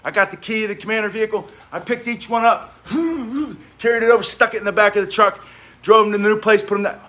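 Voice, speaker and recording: A fitness coach with a fairly high voice for a man, energetic and talkative, laughing through his stories and slipping into exercise directions. He talks in an indoor training gym. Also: fast talker. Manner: energetic, chatty, laughs while telling stories. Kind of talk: spoken workout instruction with war stories.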